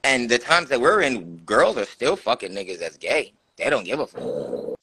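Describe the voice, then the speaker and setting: A man's voice: mid-range voice, big pitch swings, moderate pace, sharp tone, husky, dry recording. A man hosting a live stream, talking bluntly and profanely in casual chat, mocking others as he quotes them.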